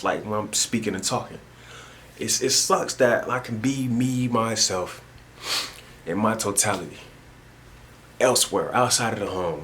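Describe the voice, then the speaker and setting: A man's voice: fairly low pitch, fairly quick, a bit bright, slight background noise. A man talking in a rambling monologue at home, repeating himself and using heavy street slang. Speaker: vlogger. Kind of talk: casual spoken monologue. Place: at home indoors.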